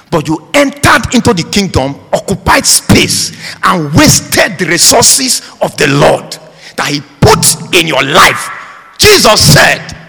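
A man delivers a sermon in a high, husky voice that leaps wildly in pitch. He drives each phrase slowly, shouting some lines and dropping to a hush on others, and calls on the congregation to answer him. His voice rings out with a long reverb from the hall. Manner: emphatic, swings between shouting and hushed tones. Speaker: preacher.

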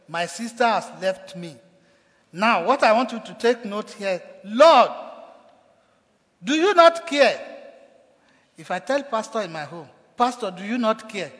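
A pastor with a high-sitting, fairly bright voice preaches a sermon in an echoey hall. His delivery is emphatic, acting out quoted cries with rising force.

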